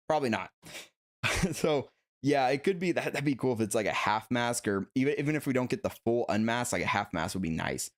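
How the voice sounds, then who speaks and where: A young man casually chatting on a livestream about collectible figures and reading out viewer comments. He is talkative, laughs often and fills his talk with "like". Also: medium pitch.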